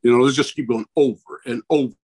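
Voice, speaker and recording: A man's voice: medium pitch, fairly even intonation, quick pace, darkish tone, slightly rough. A man who owns a local business speaks at a public meeting, rambling and worried, restarting his sentences often.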